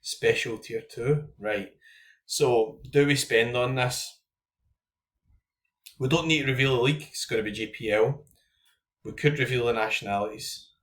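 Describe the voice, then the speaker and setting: A man's voice: mid-range voice, measured pace, pauses often, fairly bright tone. A young man hosting his own channel, talking casually and thinking aloud as he goes through his fantasy football cards, with lots of "like" and "um". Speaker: YouTube host.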